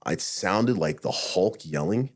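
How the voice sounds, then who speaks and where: A man's voice: sits low, lively intonation, slow pace. A middle-aged man, a podcast guest, telling a personal story candidly, swearing often and acting out his own thoughts as quotes. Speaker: podcast guest, retired SWAT officer.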